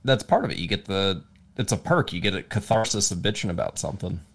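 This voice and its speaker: A man's voice: deep voice, lively intonation, fast. A young man co-hosting a music podcast, talking hesitantly with many filler words. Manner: hesitant, lots of "like" and "kinda" fillers. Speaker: podcast co-host. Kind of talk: casual music podcast chat.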